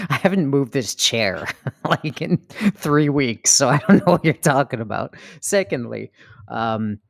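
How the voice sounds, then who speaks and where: A man's voice: medium pitch, lively intonation, measured pace, gravelly, no echo. Giggly man co-hosting from his room, dry sound. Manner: giggly, defensive banter. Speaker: podcast co-host. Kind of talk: live gaming podcast chat.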